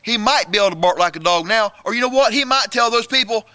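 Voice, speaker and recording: Guy hyping a kids book, talks right to the kids, builds suspense, bright high voice. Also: animated, fast talker, no room sound. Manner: playful, addresses kids directly, builds suspense. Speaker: children's book reviewer. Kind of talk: animated booktalk for children.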